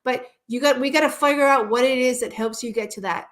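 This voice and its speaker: A woman's voice: sits high, brisk. A woman hypnotherapist speaking as a guest in a live-stream conversation, earnest and passionate, often restarting her sentences.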